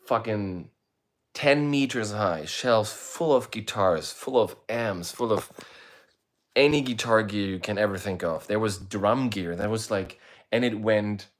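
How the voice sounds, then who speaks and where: A low-voiced middle-aged man hosts a relaxed livestream, drifting through a rambling story and swearing freely as he goes. His delivery is loose and unhurried, like easy chat with viewers. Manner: laid-back, rambling, swears freely, reads out viewer comments. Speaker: musician hosting a livestream. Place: indoors, streaming while away on travel.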